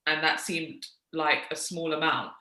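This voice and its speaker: A British woman guest giving encouraging, steady advice in a casual discussion. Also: low-pitched, unhurried, reverberant, low-quality recording.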